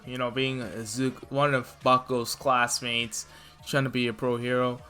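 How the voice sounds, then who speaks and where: A man's voice: mid-range voice, level tone, normal speed, bright, forceful tone, smooth, soft background music. A man casually narrating a made-up fan story, rambling along with lots of "you know" fillers.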